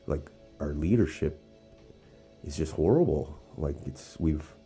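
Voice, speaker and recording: A man's voice: extremely low pitch, expressive, measured pace, dark tone, faint music behind. A man from Canada hosting casual political commentary, rambling with frequent restarts and asides. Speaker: host. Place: outdoors or casual setting in Sarnia.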